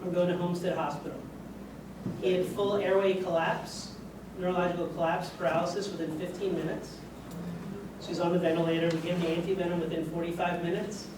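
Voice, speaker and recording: A fast-talking doctor with a high voice delivers a medical lecture to a live audience, captured from a distance by a far room mic in an echoey room. He keeps it conversational and asks the audience questions, over a steady hiss.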